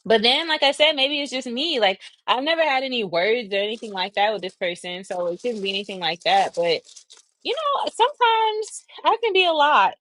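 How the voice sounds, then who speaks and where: A young adult woman hosting a casual livestream, chatty, thinking aloud and laughing often, a little breathy from asthma. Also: a little high, sing-song, normal speed, fairly bright tone. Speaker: livestream host.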